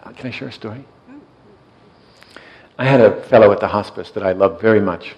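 A gravelly, low-voiced man talks gently as a meditation teacher. His soft-spoken delivery often drops away to a near murmur. It is a calm, reflective storytelling manner. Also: brisk, highs cut off, noisy background. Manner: soft-spoken, gentle, frequently trailing off quietly.

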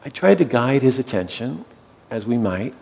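A man speaking as a meditation teacher in a gentle, soft-spoken way, often letting his voice trail off quietly as he tells a reflective story. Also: mid-range voice, big pitch swings, normal speed, vocal fry, highs cut off.

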